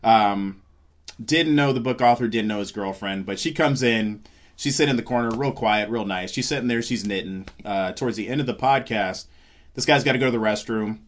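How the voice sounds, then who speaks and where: A man's voice: fairly low pitch, fairly quick. A man chatting casually on a podcast, telling a long story with acted-out quotes and plenty of swearing. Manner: animated storyteller, acts out quotes, swears freely. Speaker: comedian guest.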